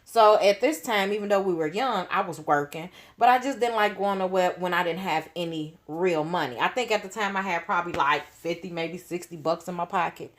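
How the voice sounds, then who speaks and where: A woman's voice: fairly low pitch, a little fast, few pauses. Slangy woman telling a story. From Chicago. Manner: animated, slangy, leans on "you know what I'm saying". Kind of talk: casual storytime.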